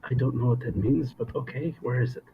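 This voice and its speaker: A man's voice: medium pitch, steady tone, a little fast, gravelly. A man playing a tabletop game over a voice call, talking hesitantly with many fillers. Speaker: player. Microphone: voice call, cutting in and out. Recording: dull lo-fi call audio with faint noise.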